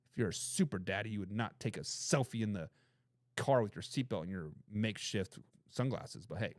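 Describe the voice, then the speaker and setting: A man's voice: lowish voice, moderate pace, dry recording, studio quality. A man hosting a football talk show, arguing emphatically and reading chat comments. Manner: emphatic, animated and opinionated, repeats phrases for emphasis.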